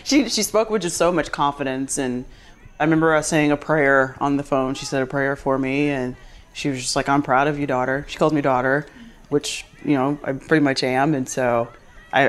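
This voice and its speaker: A young woman, a soccer player, retelling a personal story in an interview, with lively acted quotes. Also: extremely low pitch, rough recording.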